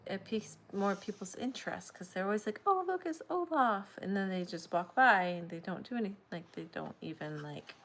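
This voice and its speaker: A woman's voice: fairly low pitch, fairly quick, few pauses, a bit bright, a little hiss or hum. Sleepy woman chatting on a livestream. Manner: sleepy, rambling, reads viewer comments aloud. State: tired and yawning. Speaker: crochet livestream host. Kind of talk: casual livestream chat.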